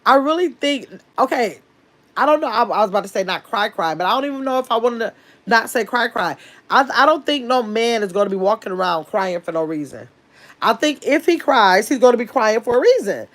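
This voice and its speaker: A woman's voice: a little high, lively intonation, a little fast, a bit bright. Chatty woman livestreaming from bed. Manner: chatty, greets viewers by name, loose Southern US casual grammar. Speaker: livestream host. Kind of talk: casual livestream chat reading comments. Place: at home, sitting in bed.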